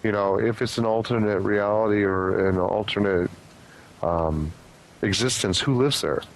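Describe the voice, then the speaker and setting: A man's voice: lowish voice, normal speed, a little hiss or hum, poor audio. A man being interviewed as a paranormal investigator, explaining his theories in an earnest, speculative way. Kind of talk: casual podcast interview.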